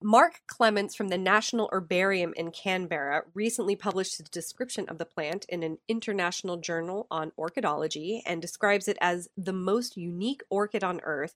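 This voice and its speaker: A woman co-hosting a podcast, telling a news story in an animated, chatty way and laughing easily. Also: fairly low pitch, fairly quick, hardly any pauses, no echo, clean studio sound. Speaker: podcast co-host. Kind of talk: casual news chat.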